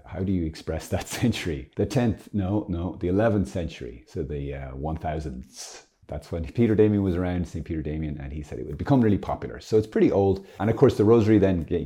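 A man's voice: very deep voice, mellow. A man giving a casual Catholic teaching talk, chatty and playful, often laughing and correcting himself as he goes. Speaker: Catholic religious speaker.

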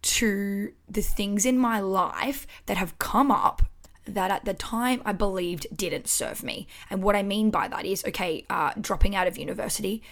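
Woman, young adult, Australian accent, podcast host, expressive, swears often, home microphone. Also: mid-range voice, moderate pace. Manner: expressive, frequent swearing, emphatic. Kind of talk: casual motivational podcast monologue. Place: her house. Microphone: studio microphone.

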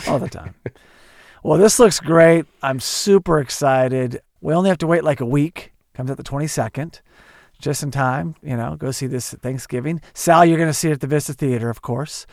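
A man's voice: on the high side, moderate pace, creaky, no room sound, studio quality. A man co-hosting a movie podcast, chatting with enthusiasm. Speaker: podcast co-host. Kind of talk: casual chat.

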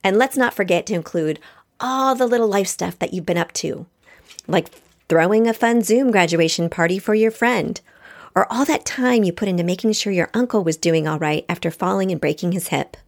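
An upbeat woman hosts her solo podcast and talks to her listeners as if they sit across from her. She reads from her own book in an encouraging, cheer-you-on way, her voice sitting at a middle pitch. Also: moderate pace. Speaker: podcast host.

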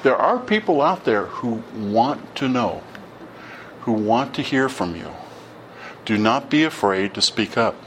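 A man's voice: medium pitch, sing-song, a little slow, fairly bright tone, slight background noise. A middle-aged man giving an informal sermon, telling stories in a conversational way and acting out the dialogue. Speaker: preacher.

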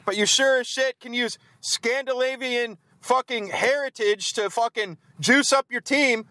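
A man rants after the game, cursing and grumbling in a fairly high, smooth voice. The sound is dry and close, with little room around it. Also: moderate pace, pushed and bright, no echo. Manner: profane, grumbling rant. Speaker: fan vlogger. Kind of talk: ranting post-game chat. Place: outdoors in the cold.

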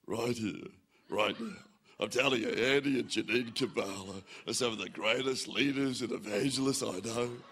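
A booming, fired-up male pastor, put on by a preacher, hammering each phrase home. The voice drops lower than the speaker's own and pushes loud and emphatic. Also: moderate pace, natural voice. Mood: rousing. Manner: emphatic, rousing, declamatory.

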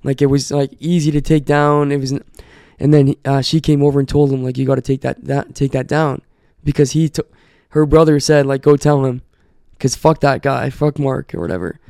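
A man's voice: medium pitch, steady tone, fairly quick, vocal fry, hardly any pauses, darkish tone, no room sound, clean studio sound. A young Canadian man, a podcast co-host, telling profane neighbor stories in casual chat and acting out the people in them. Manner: profane storyteller, acts out neighbors' lines.

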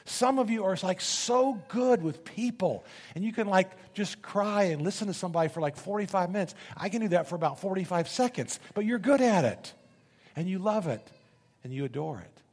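Pasteur, homme à la voix assez haute, sermon énergique, longue réverbération de grande salle. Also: male voice, high voice, normal speed. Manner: energetic storytelling preacher, rising to emphatic bursts. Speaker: pastor. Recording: long reverb of a large hall.

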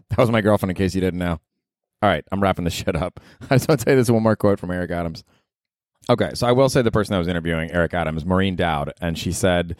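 Comedian guy talking on his podcast, real low voice, swears a lot, rambly and jokey, super dry close mic sound. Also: fast, no echo. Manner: profane, rambling, self-mocking, with bursts of excited emphasis. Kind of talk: casual solo podcast monologue.

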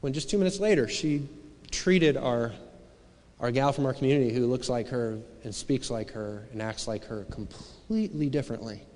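A man's voice: medium pitch, moderate pace, darkish tone. A man preaching a sermon as pastor, talking in a conversational, searching way full of rhetorical questions. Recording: long hall reverb.

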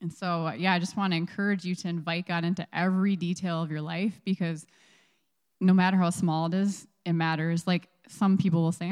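A woman's voice: on the low side, little pitch movement, a little fast, darkish tone, smooth. A woman giving a casual faith testimony to an audience, chatty and full of fillers, acting out her own reactions. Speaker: guest speaker. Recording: long hall reverb.

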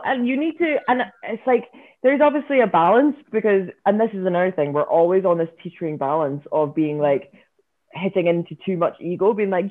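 A woman's voice: medium pitch, lively intonation, brisk. A Scottish woman, a yoga teacher guest, chatting casually with many fillers and frequent laughs. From Scotland. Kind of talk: casual podcast chat. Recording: tinny phone-like line.

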